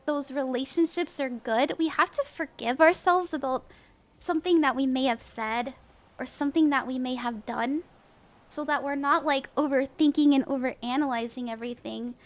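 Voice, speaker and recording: A young woman reading tarot on a live stream, gentle and reassuring, laughing easily. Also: sits high. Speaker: tarot reader.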